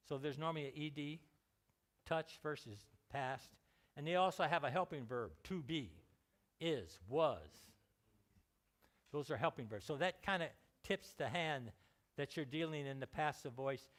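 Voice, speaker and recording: A man's voice: fairly high pitch, fairly bright tone. Chatty man with Californian accent. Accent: Californian American English. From California, United States. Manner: chatty, joking asides, restarts words. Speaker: guest lecturer on scientific writing. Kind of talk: informal lecture.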